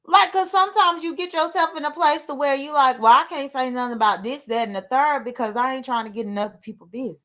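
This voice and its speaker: High bright-voiced woman streamer. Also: fast, hardly any pauses. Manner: candid, emotional, rambling. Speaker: livestream host. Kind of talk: casual livestream talk.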